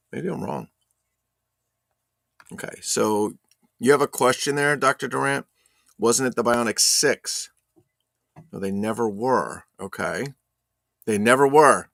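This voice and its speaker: A man's voice: mid-range voice, gravelly, fairly bright tone, no echo, studio quality. A man hosting a casual live stream, joking loosely, swearing and reading viewer chat aloud. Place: home streaming setup.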